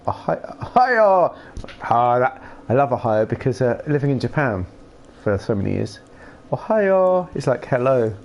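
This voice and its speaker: A young man chatting casually and playfully with his live chat while streaming a game, rambling and breaking into silly shouts. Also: medium pitch, very animated, unhurried, highs cut off.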